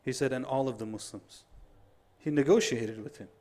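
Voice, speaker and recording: A middle-aged man giving a Friday sermon, telling stories in an animated way, acting out the dialogue and reciting quotations quickly. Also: mid-range voice. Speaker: preacher.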